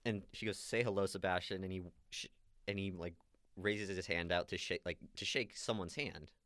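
A man's voice: deep voice, steady tone, normal speed, pushed and bright, no room sound, clean studio sound. A man chatting casually as a podcast co-host, retelling movie scenes and quoting the characters. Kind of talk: casual chat recapping a movie.

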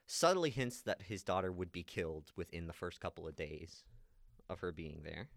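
Guy with a lowish voice retelling movie scenes in a chill chat, dry mic. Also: moderate pace, gravelly, no room sound. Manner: retells scenes quoting characters. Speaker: podcast co-host. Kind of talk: casual chat recapping a movie.

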